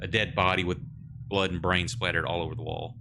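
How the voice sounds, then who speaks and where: A man's voice: low-pitched, flat delivery, fairly quick, noisy background. A man running a tabletop horror game as game master, explaining rules loosely with many fillers.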